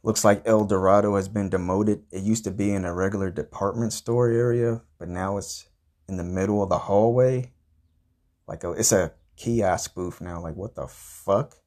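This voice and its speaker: A man hosting a comedy podcast, telling a crude, profane story in a rambling, deadpan way and grumbling about everything. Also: on the low side, moderate pace. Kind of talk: improvised comedic monologue.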